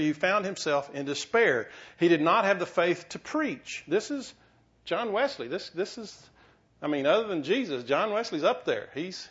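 A man's voice: high-pitched, a bit bright. A man preaching a sermon as pastor, conversational, with restarts and teasing asides. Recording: dull lo-fi recording.

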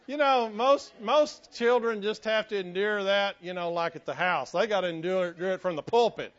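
Folksy pastor preaching, higher voice. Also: male voice, normal speed, a faint crowd. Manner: folksy, self-joking, drops to a hushed tone for stories. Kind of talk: sermon. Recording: muffled lo-fi sermon recording.

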